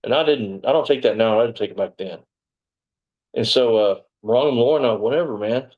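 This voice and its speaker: Sounding like it came over a phone, a brisk, medium-pitched male voice tells his story in a casual interview. He's a former Texas police officer who wanders off topic and leans heavily on "you know".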